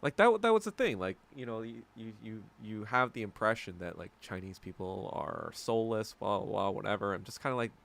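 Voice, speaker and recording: A man's voice: on the low side, expressive, fairly quick, vocal fry, few pauses, fairly bright tone. An American man hosting a podcast, rambling in a crude, profane and mocking way. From United States. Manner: mocking and abrasive. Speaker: podcast host. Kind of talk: casual solo podcast rant.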